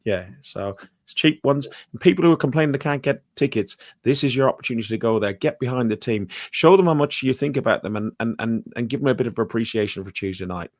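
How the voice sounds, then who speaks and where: A man's voice: mid-range voice, quick pace, few pauses, a little mellow, dry recording, studio quality. A man hosting a football podcast, talking hesitantly with many fillers and reading out viewer comments. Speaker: podcast host. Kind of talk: casual football chat.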